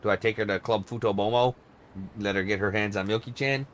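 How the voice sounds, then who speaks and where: A man's voice: on the low side, steady tone, fairly quick, fairly bright tone, a little hiss or hum. Crude joking man streaming a game. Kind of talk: casual game stream chat.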